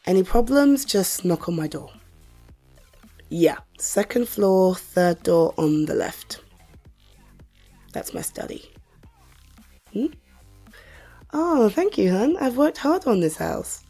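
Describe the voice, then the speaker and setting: A woman's voice: medium pitch, sing-song, mellow, soft background music, full character voice. A woman, acting a confident, wealthy mother who teases and flirts in a listener-directed audio role-play. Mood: playful, bossy. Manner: teasing, self-assured, slow and playful.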